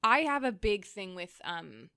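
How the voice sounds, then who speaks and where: A woman co-hosting a podcast in casual chat, expressive and quick to laugh. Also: medium pitch, dry recording, clean studio sound. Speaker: podcast co-host.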